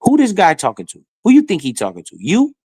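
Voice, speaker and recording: Animated, heckling man with dry sound. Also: high voice, fast, breathy edge, dry recording. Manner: animated, heckling, swears and laughs often. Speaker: finance streamer. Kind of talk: casual commentary over a played clip.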